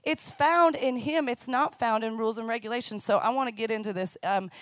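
A woman in her thirties, a youth minister, giving a chatty, animated sermon. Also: fairly high pitch, no echo. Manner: chatty, animated storytelling with quick asides. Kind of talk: conversational sermon. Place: church stage.

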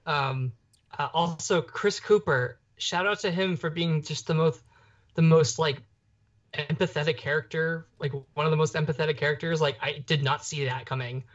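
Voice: medium pitch, steady tone, moderate pace. A young adult podcast co-host talking casually about a film, rambling with lots of fillers and restarts. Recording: dull lo-fi podcast audio.

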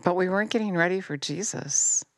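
A middle-aged woman giving an impassioned sermon, fervent and scolding, swinging from near-shouts down to low intense tones. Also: a little fast, no room sound, clean studio sound. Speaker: preacher.

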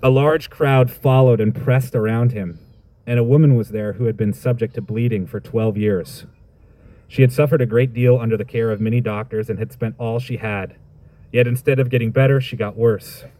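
A man's voice: medium pitch, fairly even intonation, moderate pace, dark tone. A man preaching a sermon, reading scripture and reflecting on it in a thoughtful, conversational way with informal asides.

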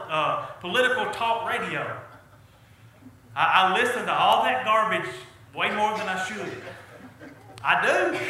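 A man's voice: extremely high pitch, sharp tone. A middle-aged man preaching a sermon in a folksy, earnest way, his emphasis rising as he drives home each point. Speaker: pastor. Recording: echoey church hall.

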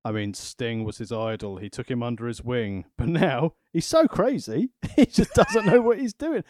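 A man's voice: mid-range voice, animated, normal speed, hardly any pauses, darkish tone, no echo, studio quality. A man co-hosting a podcast, mocking wrestlers in a sardonic, swearing way. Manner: sardonic, mocking, laughs at own jokes. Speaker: podcast co-host. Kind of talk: casual wrestling chat.

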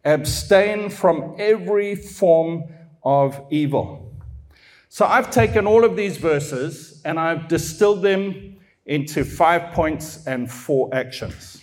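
High-voiced man preaching a sermon. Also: animated. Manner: emphatic, swings between soft asides and raised exhortation; reads scripture slowly and deliberately.

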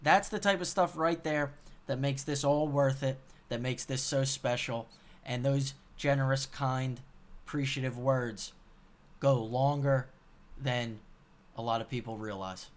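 A man's voice: mid-range voice, fairly even intonation, a little slow. A man hosting a podcast in casual chat, talking earnestly and gratefully. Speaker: podcast host.

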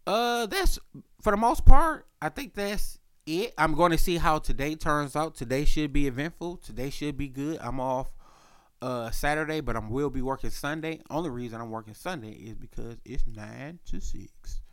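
A young man hosting a podcast, telling a casual story with lots of slang, filler words and throat clearing, and his voice jumps up when he quotes himself. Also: on the high side, normal speed, fairly bright tone, no echo, clean studio sound. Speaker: podcast host.

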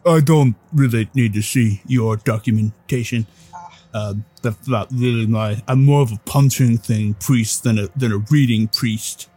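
A man voicing a proud male warrior priest devoted to martial arts, in a formal, gruff tough-guy drawl during a tabletop game. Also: medium pitch, unhurried, warm tone. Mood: boastful. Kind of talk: tabletop game role-play.

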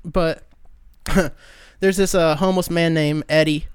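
A young man with a fairly high, smooth voice tells a story in a loose, laid-back way. He laughs often and swears casually. The sound is dry and close on a podcast mic. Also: steady tone, measured pace, no room sound. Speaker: podcast guest.

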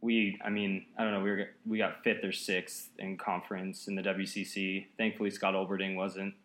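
Low-voiced man in an echoey room. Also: little pitch movement, normal speed, fairly bright tone. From Seattle area, United States. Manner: easygoing, rambling with many fillers. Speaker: guest. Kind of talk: casual interview chat. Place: apartment.

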